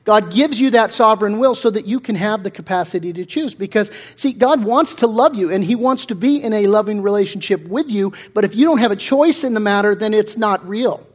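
A man's voice: sits high, a little fast, hardly any pauses. A male pastor preaching a conversational sermon that mixes jokes into the teaching, talking with lots of fillers and restarts.

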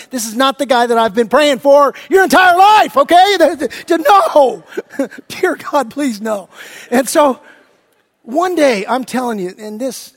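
A middle-aged man preaching a sermon as pastor, telling a family story with animated, acted-out voices. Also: very high-pitched, in a large hall. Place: church sanctuary.

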